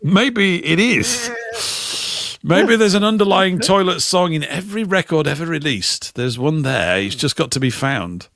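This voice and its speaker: A man's voice: fairly high pitch, moderate pace, gravelly, hardly any pauses, a bit bright, no room sound. A man co-hosting a casual chat, offering dry, wry remarks. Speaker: co-host.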